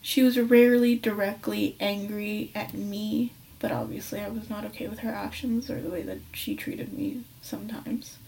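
A woman's voice: mid-range voice, expressive, moderate pace, vocal fry, few pauses, a little mellow, far from the mic, a little hiss or hum, poor audio. A young woman hosting a personal podcast, telling a story candidly and profanely, rambling and correcting herself, sometimes drifting off the mic. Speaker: podcast host.

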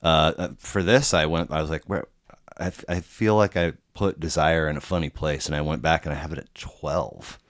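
A man's voice: rumbling low, normal speed, dry recording, clean studio sound. A man talking as a podcast guest in a casual conversation, rambling and cursing freely, with many restarts.

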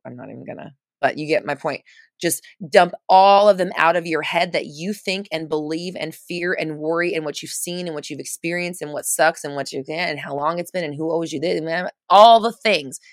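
A woman's voice: low voice, no echo, clean studio sound. A woman giving casual, chatty coaching on a live stream, full of fillers and restarts, stressing points by repeating phrases.

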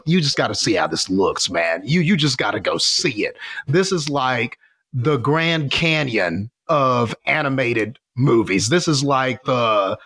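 A man's voice: mid-range voice, a bit bright. Enthusiastic male film podcast co-host. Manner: enthusiastic, emphatic, laughs often. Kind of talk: casual movie review chat.

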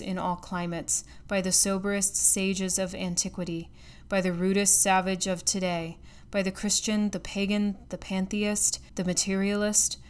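A woman's voice: lowish voice, clear, resonant tone, lightly acted. Woman voicing a grave, bitter old recluse.

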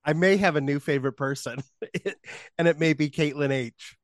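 A man's voice: on the high side, moderate pace, no echo, studio quality. A man co-hosting a podcast in casual chat, making wry joking asides. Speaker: podcast co-host.

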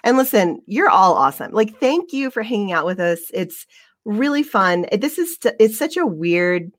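Animated, chatty woman co-hosting a podcast. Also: medium pitch, moderate pace, no room sound, studio quality. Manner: rambling and chatty, with frequent laughs and restarts. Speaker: podcast co-host on a livestream; fitness instructor. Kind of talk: casual chat.

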